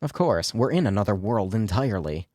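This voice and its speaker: Lively, casual male game streamer. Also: lowish voice, brisk, dry recording, clean studio sound. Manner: casual, swears, reads in lively voices. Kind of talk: let's play commentary with read-aloud dialogue.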